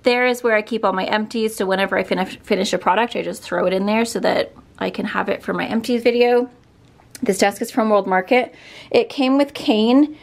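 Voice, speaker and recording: Chatty woman with a gravelly edge. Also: mid-range voice, brisk. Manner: chatty, filler-heavy, upbeat. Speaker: beauty vlogger. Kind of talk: casual room tour. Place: her bedroom filming room.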